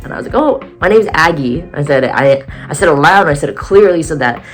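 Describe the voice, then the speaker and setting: A young woman vlogging a casual storytime, excitable and giggly, acting out quoted lines in a higher voice. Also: fast, faint music behind.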